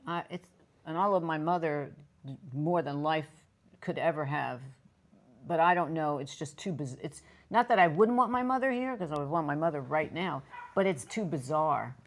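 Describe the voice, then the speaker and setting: A woman's voice: low-pitched, moderate pace. A woman co-hosting a relationship talk show, chatting candidly and often breaking off mid-thought. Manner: chatty, candid, self-interrupting. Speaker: co-host. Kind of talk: casual chat.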